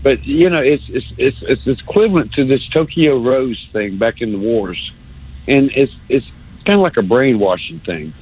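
A man calling in to a radio show, ranting sarcastically with lots of stammering and mocking jumps in pitch. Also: animated, normal speed, slightly rough. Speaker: caller. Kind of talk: rambling call-in rant. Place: phone call into radio show. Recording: tinny phone line.

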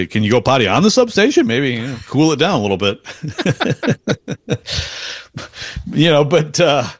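A man's voice: medium pitch, big pitch swings, normal speed. Male co-host for a sports chat show, loose and rambling, restarts a lot, mid-range voice. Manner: rambling, self-interrupting, chuckles often. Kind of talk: casual sports talk.

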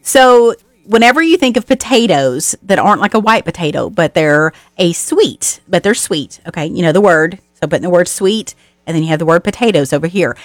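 A woman's voice: lowish voice, lively intonation, a little fast, dry recording. A woman talking casually to listeners, asking a playful question. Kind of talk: casual chat.

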